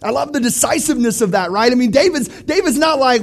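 A man giving an animated youth sermon, talking straight to teenagers and swinging from hushed to loud. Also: very high voice, fast talker, hardly any pauses. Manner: addresses teens directly. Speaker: youth pastor.

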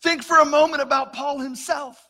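A man's voice: very high-pitched, steady tone, normal speed, pushed and bright. A middle-aged man preaching a sermon, telling a personal story earnestly and addressing the congregation as "church". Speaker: pastor. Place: church sanctuary. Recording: long reverb of a church hall.

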